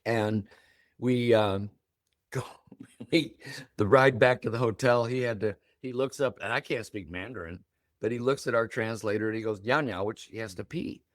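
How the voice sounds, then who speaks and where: An older man, a podcast guest, telling a deeply personal story with feeling, acting out the other people's words as he goes. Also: moderate pace, dry recording, clean studio sound. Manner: emotional, animated storytelling with voiced quotes.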